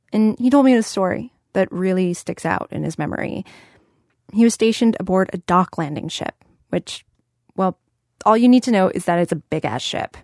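Woman narrating a radio story, easygoing and clear, super dry close mic. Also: medium pitch, darkish tone, dry recording. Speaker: host and reporter. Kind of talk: scripted narration. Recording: dry studio sound.

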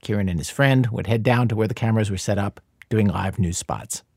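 A man hosting a radio documentary show, delivering scripted narration in a measured, dry, conversational way. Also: on the low side, vocal fry, darkish tone, husky, no echo.

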